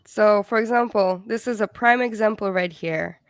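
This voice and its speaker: A woman's voice: medium pitch, moderate pace, smooth, no echo, clean studio sound. A woman hosting a casual livestream, reading comments aloud in a chatty way that laughs easily and trips over words. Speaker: livestream host.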